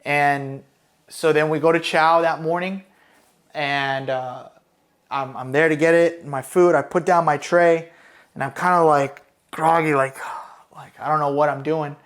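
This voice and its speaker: A man from Los Angeles County with a fairly high voice tells stories from his time as a Marine. His talk is loose and profane, full of "you know" and "dude". The delivery is casual and rambling. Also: steady tone, a little slow, a bit bright. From Los Angeles County, California. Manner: profane, rambling, with many fillers. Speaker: Marine combat veteran guest. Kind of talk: casual storytelling.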